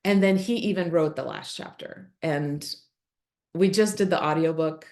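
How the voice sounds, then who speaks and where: A middle-aged woman with a somewhat low voice tells a personal story on a podcast. She speaks earnestly and with feeling, and acts out the lines she and others said. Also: moderate pace, darkish tone. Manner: earnest, emotional, quotes herself and her son vividly. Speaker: podcast guest, author and speaker. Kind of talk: candid interview storytelling.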